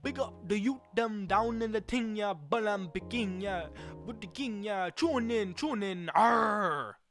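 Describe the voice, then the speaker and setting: A man's voice: high-pitched, a little slow, faint music behind, pitched above the performer's own voice. A man doing a mock patois freestyle chant. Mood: hyped. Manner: shouted sing-song chant, nonsense rhymes.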